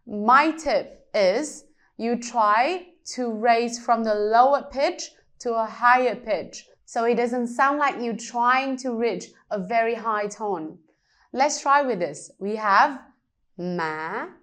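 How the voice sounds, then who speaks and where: Female language teacher, slow and patient, slightly high voice. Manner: patient, explains step by step with examples. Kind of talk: slow pronunciation lesson.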